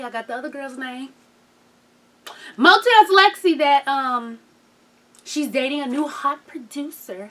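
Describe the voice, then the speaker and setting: Woman vlogger in her 30s, high voice, sassy slangy recap, acts out quotes. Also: a bit bright. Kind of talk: casual TV recap chat.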